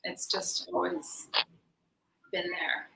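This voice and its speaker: A woman's voice: lowish voice, sing-song, slow pace, vocal fry, bright, forceful tone, roomy sound, rough recording. A woman speaking as a dancer guest in a casual interview, chatty and laughing often, with many fillers, on a video call from home. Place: home room in Sweden.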